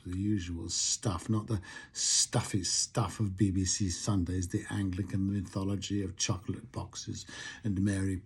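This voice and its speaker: A man from England giving a wry, reflective spoken monologue, musing in long lyrical lists, with a husky voice. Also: low-pitched, darkish tone.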